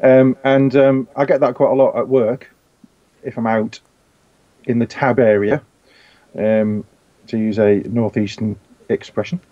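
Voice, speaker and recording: A man's voice: mid-range voice, fairly even intonation, a little slow, pauses often, no echo. Brief: male show regular, easygoing chat, muffled sound. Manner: easygoing, many fillers. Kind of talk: casual chat. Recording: dull lo-fi sound.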